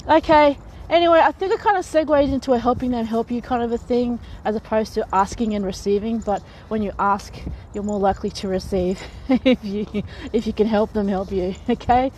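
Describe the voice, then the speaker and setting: A woman's voice: fairly high pitch, fairly quick, hardly any pauses, darkish tone, low-quality recording. Woman vlogger, frank and chatty, straight-talking advice, light laughs, faint noise behind. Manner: chatty, frank, often laughs mid-sentence. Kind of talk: casual advice talk to camera.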